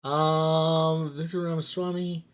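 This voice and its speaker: A woman co-hosting a casual podcast chat, teasing and cutting in with deadpan jokes. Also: sits low, slow pace. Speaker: podcast co-host.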